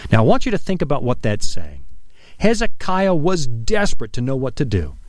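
A middle-aged man preaching an earnest, emphatic radio sermon, dropping his voice low on key phrases. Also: huge pitch swings, moderate pace, no room sound. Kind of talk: broadcast sermon.

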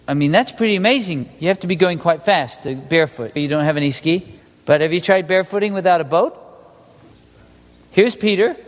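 Male pastor, high-pitched, conversational sermon delivery in a reverberant hall. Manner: animated, conversational preaching with rhetorical questions to the congregation.

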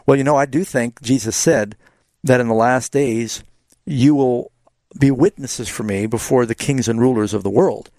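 A man, a pastor hosting a call-in radio show, answering Bible questions and gently correcting callers. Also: medium pitch, moderate pace, no echo. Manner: explains steadily, gently correcting.

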